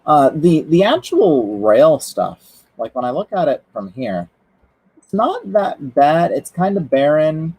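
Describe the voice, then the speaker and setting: A man's voice: fairly high pitch, big pitch swings, slow pace, darkish tone, breathy edge, no room sound, low-quality recording. A man chatting casually on a livestream, rambling with lots of fillers and restarts. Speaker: streamer.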